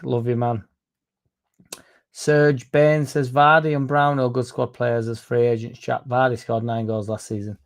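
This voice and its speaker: A man with a medium-pitched voice and noticeable vocal fry hosts a casual fan-channel live-stream, reading viewer comments aloud and rambling along with swearing and frequent self-interruptions.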